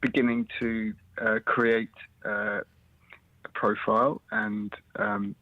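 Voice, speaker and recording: A man calling in to a talk show, speaking in a hesitant, halting way full of fillers. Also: mid-range voice, very animated, gravelly. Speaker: caller. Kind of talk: phone-in call. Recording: dull dry phone line.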